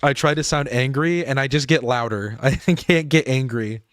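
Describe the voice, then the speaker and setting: A man's voice: medium pitch, moderate pace, a bit bright, dry recording, studio quality. A man streaming a game live, rambling and laughing as he talks to his chat.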